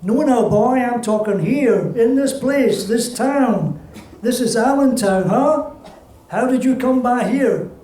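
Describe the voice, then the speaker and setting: Read aloud as a storybook figure, a man doing a folksy old grandmother who plays accordion, teasing and bossy, pitched well above his own voice and pushed out with extra force. It carries the roomy, distant sound of a live reading in a hall. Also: expressive, slow, warm tone. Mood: commanding. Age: older.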